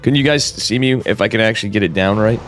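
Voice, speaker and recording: A man's voice: fairly low pitch, fast, fairly bright tone, a little hiss or hum. A man with a cold giving casual, chatty live commentary on a strategy game, talking straight to his viewers with jokey asides. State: has a cold. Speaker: esports caster.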